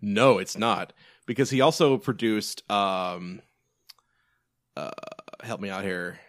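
A man's voice: lowish voice, steady tone, takes it slowly, fairly bright tone, no room sound, clean studio sound. A man, co-hosting a casual movie podcast, rambling with frequent restarts and fillers and the odd swear. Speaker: podcast co-host. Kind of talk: casual movie review chat.

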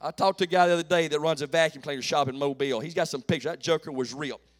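A pastor in his late forties preaching a folksy call-and-response sermon that builds to shouts. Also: on the high side, fairly even intonation, racing. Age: 40s.

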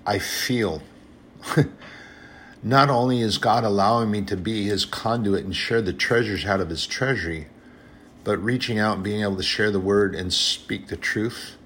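A man's voice: deep voice, a bit bright, a little hiss or hum. A man preaching an informal sermon in an earnest, conversational way, often repeating phrases and addressing brothers and sisters.

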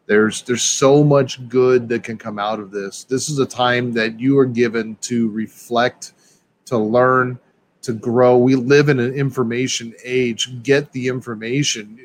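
Excitable rambling man in casual chat. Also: medium pitch, measured pace, a little hiss or hum.

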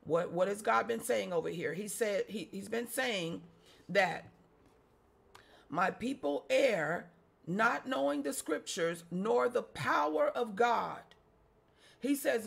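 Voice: mid-range voice, lively intonation, takes it slowly, gravelly, a bit bright, slightly rough. A preacher giving a sermon, reading scripture aloud and repeating phrases and rhetorical questions to the congregation.

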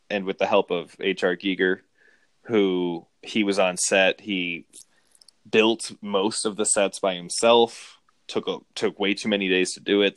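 A man casually discussing a movie, rambling and animated. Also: low voice, dry recording. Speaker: film podcast co-host.

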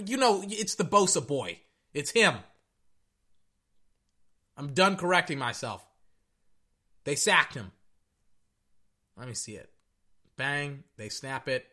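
A young man giving casual, rambling reaction commentary on a football game, excitable and tripping over his words. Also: high voice. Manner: excitable, rambling, stutters and repeats himself.

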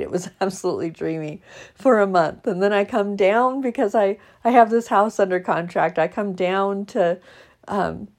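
A middle-aged woman chatting casually to her followers in a chatty, animated way, laughing often. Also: fairly low pitch, gravelly. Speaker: vlogger.

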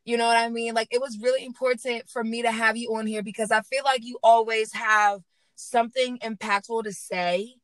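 A woman hosting a casual podcast interview, lively and slangy, laughing often. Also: on the high side, fairly quick, no echo, low-quality recording. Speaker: podcast host and baker.

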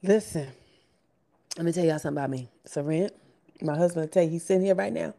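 Woman, podcast host, lowish pitch, emotional, repetitive, casual talk. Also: fast talker, gravelly, dark tone. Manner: effusive, repeats herself, Southern-style "y'all" talk. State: holding back tears. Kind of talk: casual chat, emotional praise. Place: home studio.

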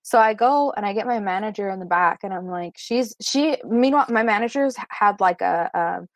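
A woman's voice: medium pitch, fairly quick, no echo. A young woman co-hosting a podcast, telling a work story in a rambling way full of filler words, recorded remotely. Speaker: podcast co-host. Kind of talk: casual storytelling. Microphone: remote recording at home.

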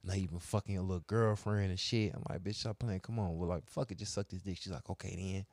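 A low-pitched man, recorded close and dry with no room sound. He tells crude stories in casual chat, profane and animated, acting out both sides of each exchange. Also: quick pace, dry recording. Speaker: podcast co-host telling stories.

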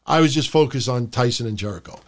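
A wrestling review podcast host talks in a casual, rambling way, swearing freely and slipping into shouted impressions. His mid-range voice moves at a quick pace.

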